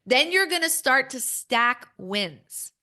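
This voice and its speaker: A woman's voice: high voice, big pitch swings, slow, sharp tone. A woman speaking as a podcast guest, candid and emphatic, acting out her own inner dialogue as she talks.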